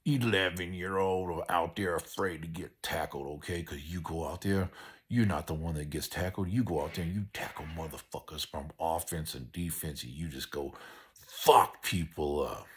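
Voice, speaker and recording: A man's voice: extremely low pitch, fairly bright tone, slightly rough. An older man delivering a profane, aggressive motivational rant as a sports fan vlogger.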